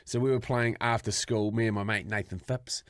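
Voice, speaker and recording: A man co-hosting a casual podcast, telling stories in an animated, sweary way. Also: fairly low pitch, brisk, no room sound, studio quality. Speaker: podcast co-host.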